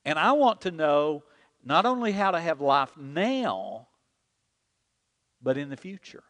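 Animated male pastor preaching in a hall. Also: fairly high pitch, slow. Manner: animated preaching, leads the congregation in call-and-repeat. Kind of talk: sermon. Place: church sanctuary. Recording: long hall reverb.

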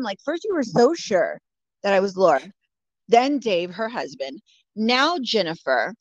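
A woman's voice: a little high, big pitch swings, moderate pace, dry recording. Blunt woman, swearing freely. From California. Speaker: guest. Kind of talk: casual chat. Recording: dull lo-fi dry audio.

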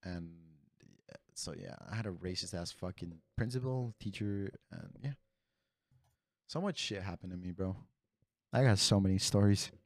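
A young adult man with a low, deep voice rambles through a profane story for his friends at a moderate pace. He keeps it casual, tossing "bro" into nearly every sentence, and the close recording is dry with no room sound.

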